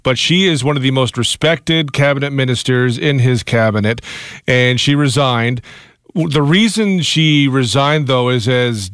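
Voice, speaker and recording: Smooth-voiced male political commentator. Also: medium pitch, fairly bright tone, no echo, clean studio sound. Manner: measured, with many "uh" pauses. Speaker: news commentator. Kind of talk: political analysis.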